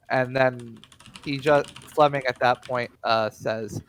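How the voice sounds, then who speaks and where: Slow-talking male game master. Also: mid-range voice, a little hiss or hum, low-quality recording. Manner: relaxed, filler-heavy narration. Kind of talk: narrating a tabletop game.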